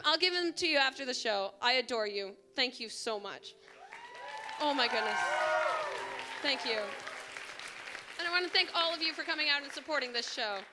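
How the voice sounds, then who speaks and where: A woman's voice: sits high, pushed and bright, a little hiss or hum. Gushing young woman thanking a crowd. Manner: effusive and gushing, repeats words like incredible. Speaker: show director and producer. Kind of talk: live onstage thank-you speech. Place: theatre stage before a live audience. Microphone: handheld microphone.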